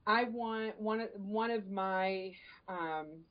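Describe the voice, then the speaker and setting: A woman who presides over a local early childhood chapter chats on a podcast, telling stories with enthusiasm and restarting often. She speaks at medium pitch and a slow pace, and the audio is dull.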